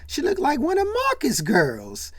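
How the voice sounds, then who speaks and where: Narrator putting on a shrill, rowdy older mom. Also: huge pitch swings, measured pace, a bit bright, dry recording, exaggerated voice. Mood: teasing. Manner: high squealing exclaims.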